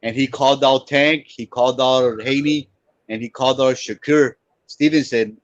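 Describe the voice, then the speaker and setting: A man's voice: medium pitch, steady tone, moderate pace, no room sound, dull audio. A man on a live sports panel, insistent, repeating himself as he argues his point. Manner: insistent, repeats words when pressed. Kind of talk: heated live sports talk.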